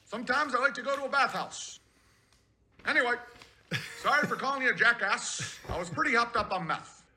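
A man doing a crude parody impression of an older former president, in a calm, measured delivery with odd pauses. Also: very high voice, a little hiss or hum, heavily acted. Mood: mocking. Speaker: caller.

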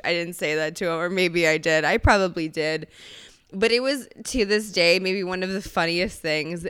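A woman's voice: lowish voice, normal speed, fairly bright tone, clean tone, no room sound, clean studio sound. A woman hosting a podcast, chatting casually and telling a rambling, profane story. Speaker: podcast host. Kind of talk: casual chat.

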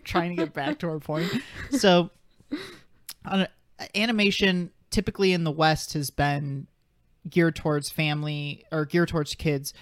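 Recorded at studio quality with no echo, a man in his twenties speaks in a slightly high voice as he co-hosts a podcast. His casual talk wanders, leaning heavily on fillers and drifting into tangents.

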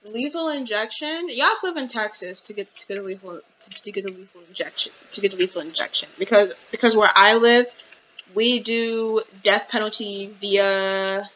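A woman's voice: mid-range voice, normal speed, pushed and bright. A young woman hosting a casual podcast, rambling with many restarts and fillers, recorded at home. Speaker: podcast host. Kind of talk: casual commentary. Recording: dull lo-fi audio with faint noise.

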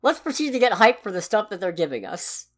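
A woman's voice: mid-range voice, sing-song, fairly quick. A woman co-hosting a podcast, chatting casually with a sarcastic, ranting edge. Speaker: podcast co-host. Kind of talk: casual chat.

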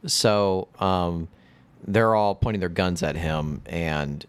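A man's voice: deep voice, slow, clear, resonant tone. A man co-hosting a casual movie podcast, laid-back and agreeing, recapping the plot in short bits. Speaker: podcast co-host.

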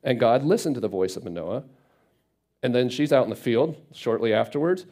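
A man's voice: mid-range voice, expressive, a little fast, mellow. A man teaching a Bible passage casually, reading verses and retelling them in everyday speech. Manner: conversational, paraphrases scripture in everyday speech.

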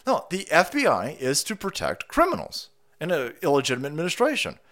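A man ranting on a livestream, swearing freely and dripping with sarcasm. His voice sits slightly high and leaps up and down animatedly, with many restarts. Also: huge pitch swings, brisk, fairly bright tone. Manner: profane, heated, sarcastic rant. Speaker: livestream host. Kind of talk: ranting political commentary.

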